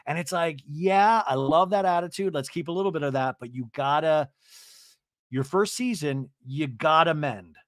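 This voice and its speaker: A man's voice: a little high, moderate pace, dry recording, studio quality. Chatty man recapping reality TV. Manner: chatty, animated, swears casually. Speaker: podcast host.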